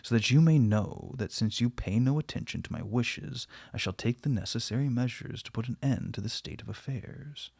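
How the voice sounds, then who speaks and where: A man's voice: mid-range voice, normal speed, creaky, hardly any pauses, a little mellow, slightly rough, dry recording. A man reading the part of a cold, stern middle-aged husband who speaks severely and with heavy emphasis. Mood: angry. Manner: severe, emphatic, stammering when upset.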